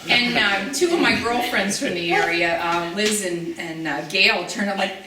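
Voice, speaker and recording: A woman's voice: medium pitch, moderate pace, few pauses, a crowd in the background. A woman speaking at a memorial luncheon, telling a chatty anecdote with many ums. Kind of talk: personal remembrance at a luncheon. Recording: distant voice in an echoey room.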